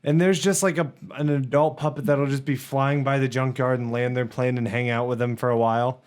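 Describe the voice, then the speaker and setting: A young man on a podcast, telling stories casually in an animated way, and high while he talks. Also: fairly quick, smooth. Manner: animated storytelling, laughing. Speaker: podcast co-host. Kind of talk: casual chat.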